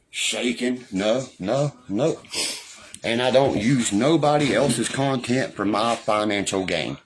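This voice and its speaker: A man's voice: on the low side, slight background noise. A man ranting angrily on a livestream, swearing constantly and taunting his critics. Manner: profane, combative, taunting. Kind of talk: angry livestream rant.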